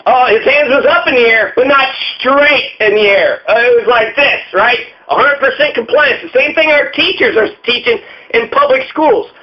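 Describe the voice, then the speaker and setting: A man's voice: extremely high pitch, moderate pace. A man ranting angrily, swearing and repeating himself as a show host. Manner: furious, swearing, repetitive. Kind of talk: angry profane rant. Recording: muffled lo-fi audio.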